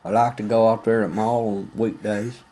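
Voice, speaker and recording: A man's voice: fairly low pitch, flat delivery, fairly quick, warm tone, rough recording. A man, telling a rambling, folksy, profane comic story full of fillers.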